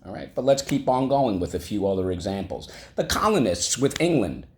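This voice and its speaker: A middle-aged man teaching a vocabulary lesson to children, speaking slowly and deliberately and repeating key words for the class to echo. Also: on the low side, big pitch swings, darkish tone.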